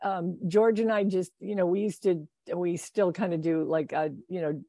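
A woman's voice: on the low side, steady tone, moderate pace, dark tone, no room sound, clean studio sound. A woman talking in a casual conversation, rambling with many restarts and laughing often. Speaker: guest.

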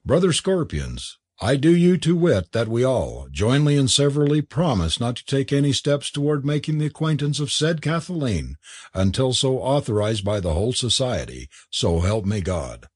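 A man's voice: mid-range voice, big pitch swings, normal speed, darkish tone, breathy edge, dry recording, studio quality. A man reading a story, voicing a mild, pipe-smoking young man who leads a student club in a pompous, mock-legal style. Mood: mock-solemn.

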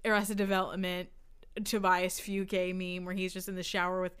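A woman's voice: lowish voice, completely flat delivery, moderate pace, a bit bright, clean tone. A young woman co-hosting a casual podcast, telling rambling self-deprecating stories with giggles. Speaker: podcast co-host. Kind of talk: casual chat.

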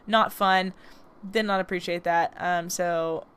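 Her voice is fairly low, steady and unhurried, smooth with a bit of brightness. The young woman hosts a podcast, spinning chatty, meandering stories punctuated by frequent laughter, a retainer lending her a faint lisp.

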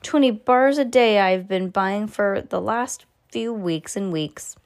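A woman's voice: mid-range voice, slow. A woman reading a story aloud, voicing a large boy complaining angrily. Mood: resentful. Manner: angry, complaining.

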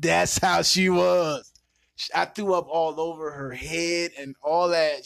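A man's voice: high-pitched, normal speed, vocal fry, fairly bright tone, no room sound, studio quality. A man hosting a podcast, telling a crude dating story in casual, profane chat, laughing and mimicking other people. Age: adult with a child. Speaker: podcast host.

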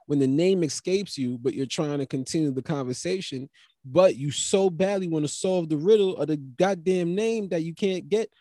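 A man delivering a rambling, profane comic monologue, wandering through tangents, restarting sentences and now and then bursting into animated high riffs. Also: moderate pace, no room sound, clean studio sound.

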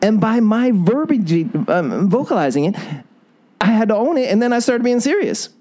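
A man's voice: high voice, sing-song, moderate pace, dark tone, low-quality recording. A middle-aged man giving relationship advice as a podcast guest, coaching emphatically and acting out example lines.

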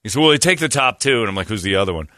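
A man's voice: lowish voice, animated, rapid-fire, bright, forceful tone, no room sound, studio quality. A man hosting a radio show, telling self-deprecating stories and acting out the people he quotes. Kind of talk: casual storytelling on morning radio.

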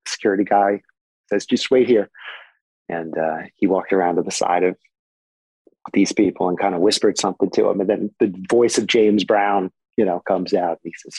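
A man in his forties, a guitarist guest, telling stories in a relaxed, chatty way with many fillers. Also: on the low side, breathy edge, dry recording, low-quality recording. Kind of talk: conversational storytelling. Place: home. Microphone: remote recording.

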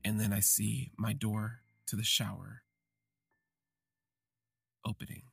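Husky, gravelly man telling a confession. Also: on the low side, flat delivery, a bit bright, no echo, faint music behind. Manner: slow, halting, reflective phrasing. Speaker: podcast host. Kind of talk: confessional first-person storytelling.

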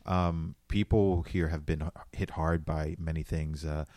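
Male co-host, low voice, thoughtful and sincere, dry close mic. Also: steady tone, measured pace, darkish tone, no echo. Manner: earnest and reflective, often laughing. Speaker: podcast co-host. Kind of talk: casual chat.

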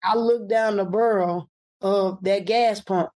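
A man's voice: high voice, takes it slowly. A man, a political candidate, telling a personal story and acting out what people said. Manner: animated, acts out quoted speech.

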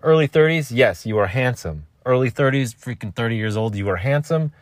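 A man's voice: medium pitch, animated, a little fast, no room sound. A man in his thirties hosting a solo podcast, telling a rambling, self-mocking story with casual swearing. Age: 30s. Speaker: podcast host.

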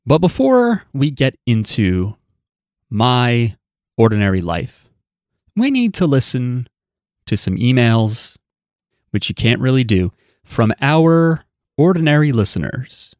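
A man's voice: medium pitch, sing-song, slow, long pauses, a little mellow, dry recording. A man hosting a podcast in casual chat, with a dry, joking delivery. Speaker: podcast host.

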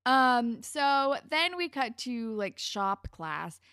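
A woman's voice: a little high, sing-song, fairly bright tone, smooth, no echo, studio quality. A woman co-hosting a casual chat, recapping a TV episode and laughing often. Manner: chatty, laughs often, quotes characters in quick asides. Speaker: podcast co-host.

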